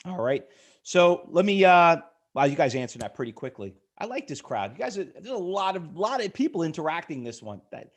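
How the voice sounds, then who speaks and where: A middle-aged man teaching day trading on a live webinar, selling hard with rhetorical questions and calling on viewers by name. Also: fairly high pitch. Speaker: trading instructor. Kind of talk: live webinar sales pitch.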